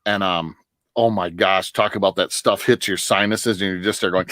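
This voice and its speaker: Rambling, low-voiced man telling stories. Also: fairly even intonation, a little fast, fairly bright tone, no room sound. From northern Michigan. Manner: rambling storyteller, laughs often, many restarts. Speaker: livestream guest. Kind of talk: casual chat.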